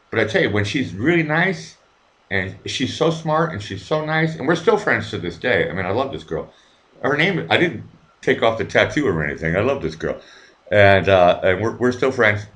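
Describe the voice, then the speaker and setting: A man's voice: lowish voice, fairly bright tone. A man hosting a casual livestream, rambling through a personal story with many restarts and repeated words. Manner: swears casually. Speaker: livestream host.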